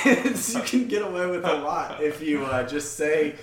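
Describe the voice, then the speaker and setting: A man's voice: on the high side, lively intonation, measured pace, reverberant. A man co-hosting a podcast, telling rambling stories in casual chat, swearing and acting out other people's voices. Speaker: podcast co-host.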